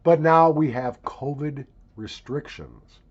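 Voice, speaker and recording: A man from Minnesota, hosting his own casual video show, wry and mock-grandiose, swinging from loud hamming to quiet musing. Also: on the high side, slow. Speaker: vlog host. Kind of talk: casual rambling monologue to camera. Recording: dull lo-fi home video sound.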